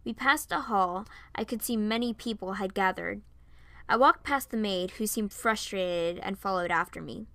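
A woman's voice: medium pitch, moderate pace, gravelly, fairly bright tone, no room sound. A young woman reads her fan story aloud in first person, often stammering and sounding nervous. Her voice sits mid-range for a woman. The recording is dry and close, with no room sound. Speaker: fan fiction narrator. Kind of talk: first-person story reading with character lines.

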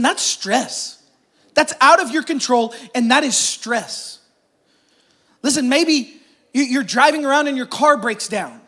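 A man with an extremely high, slightly bright voice preaches to his church during a service. He's a pastor giving a conversational sermon, calling out to the crowd and cracking jokes.

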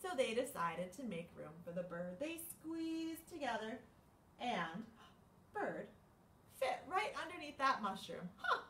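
A young woman librarian reading a picture book aloud at a livestreamed storytime, slow and sing-song with gasps of surprise. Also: fairly high pitch, very animated, bright, forceful tone, slight background noise. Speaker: children's librarian. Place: library room. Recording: echoey room, mic far off.

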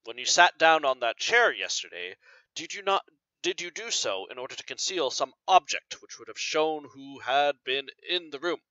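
A man reading aloud as a calm, suave detective questioning a suspect. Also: on the high side, normal speed, dry recording. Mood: probing. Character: calm probing male detective interrogating. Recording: slightly dull lo-fi recording.

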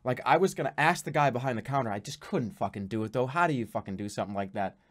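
A man streaming from his home gaming setup, ranting to chat in an exasperated, swearing, animated way. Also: medium pitch, fast talker. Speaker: game streamer.

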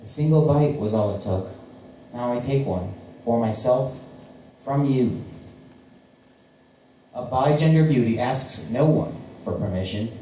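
A man's voice: medium pitch, expressive, unhurried, pauses often, dark tone, slight background noise. A man performing his spoken-word poetry at an open mic, with a rhythmic, declamatory delivery. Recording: very echoey room, voice from a distance.

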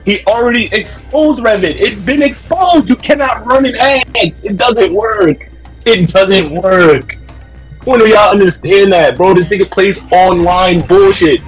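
A man on a headset mic giving loud, heated live commentary on fighting-game matches, shouting often, repeating himself and trash-talking with profanity. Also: high-pitched, a little slow, soft background music. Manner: loud, excitable trash-talk with frequent shouting.

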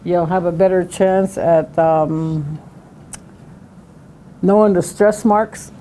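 A woman teaching a class at a slow, patient pace, breaking words into syllables and drawing each one out. There is a faint hiss of noise behind her voice. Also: on the low side, fairly even intonation, warm tone. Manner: slow, drawn-out syllable-by-syllable pronunciation. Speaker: language teacher. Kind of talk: classroom language lesson.

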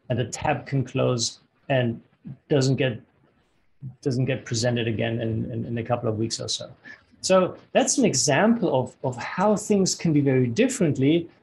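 Speaking earnestly in a podcast interview, this relationship coach has a medium-pitched, gravelly, slightly mellow voice. He acts out quoted lines and tends to repeat words while searching for them. The recording is rough, with a little hiss or hum.

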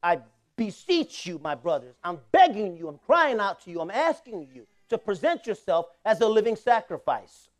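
A man's voice: high voice, big pitch swings, moderate pace. A man in his forties preaching a sermon as pastor, passionate, with call-and-response to the congregation. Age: 40s.

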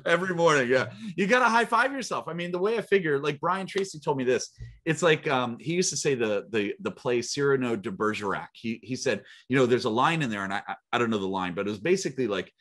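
A middle-aged man, a guest speaker and coach, telling his story in an interview with lively acted-out quotes and frequent laughs. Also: mid-range voice, quick pace. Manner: animated storyteller, acts out quotes, laughs often. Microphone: small mic worn on body.

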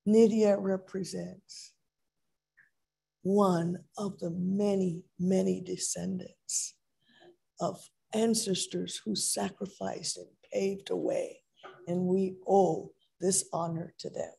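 A woman's voice: medium pitch, fairly even intonation, slow pace, creaky, dark tone, slightly rough. A woman moderating a conference session, reading a formal introduction of the next speaker.

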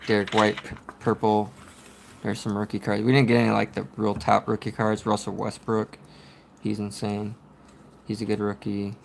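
A man hosting a casual live stream, rambling in a relaxed way with plenty of fillers. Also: lowish voice, normal speed, vocal fry, a little hiss or hum.

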